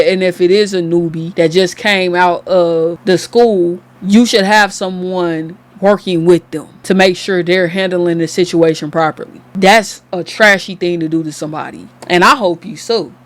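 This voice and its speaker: A commentator reacts to a clip in a casual, blunt way. The delivery is opinionated and colloquial, with a mid-range voice. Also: mid-range voice.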